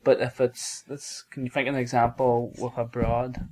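A man co-hosting a language podcast, echoing phrases back and explaining them for listeners in a relaxed way. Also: mid-range voice, moderate pace. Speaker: co-host. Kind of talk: casual podcast lesson chat.

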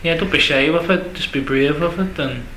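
A man's voice: a little high, normal speed, bright, forceful tone, echoey room, slight background noise. A man co-hosting a language lesson, chatty and encouraging to learners.

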